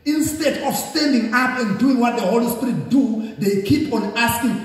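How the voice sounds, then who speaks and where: A man's voice: very high-pitched, normal speed. A man preaching as a bishop, delivering an emphatic sermon that keeps checking in with the congregation. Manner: emphatic, repetitive call-and-response preaching. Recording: echoey hall, distant mic.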